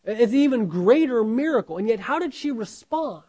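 An earnest male preacher teaching from scripture, his voice sitting high. He asks the listeners question after question, often restarting words and tagging lines with "right?". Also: lively intonation, normal speed, warm tone, rough recording. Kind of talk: sermon, Bible teaching.

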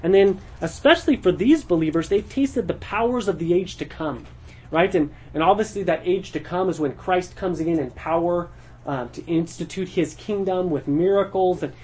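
Male Bible-study teacher, husky voice, relaxed conversational delivery, works through the text verse by verse. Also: high voice, moderate pace. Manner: thinks aloud, explains verse by verse.

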